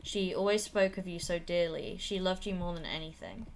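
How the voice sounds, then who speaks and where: A woman's voice: fairly low pitch, normal speed, gravelly, slight background noise. A woman voicing a middle-aged male editor giving a formal, earnest eulogy, in a game played aloud.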